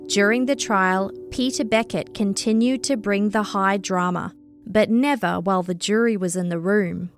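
A woman's voice: medium pitch, normal speed, faint music behind. Woman narrating a scripted crime story.

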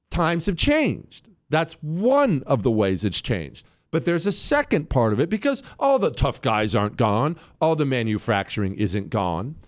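A man hosting a political talk show, giving a rambling monologue, breaking off mid-sentence and calling out to his crew. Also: on the high side. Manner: animated, rambling, self-interrupting; addresses his crew on air.

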